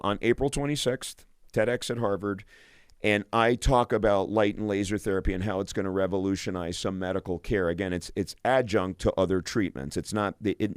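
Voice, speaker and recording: A man's voice: fairly low pitch, clear, resonant tone, dry recording, clean studio sound. A male physician hosting a radio show, talking enthusiastically on his own, often restarting and repeating words. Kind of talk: solo radio talk.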